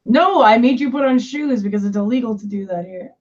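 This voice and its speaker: A woman's voice: fairly high pitch, brisk, darkish tone, lo-fi sound. A woman co-hosting a live stream, chatting casually, laughing often and telling stories. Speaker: stream co-host.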